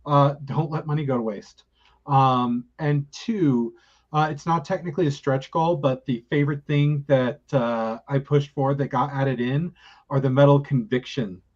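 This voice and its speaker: A man's voice: medium pitch, measured pace, a little mellow, highs cut off. A man co-hosting a livestream, chiming in casually with friendly asides and hesitant fillers. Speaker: co-host on a publisher's stream.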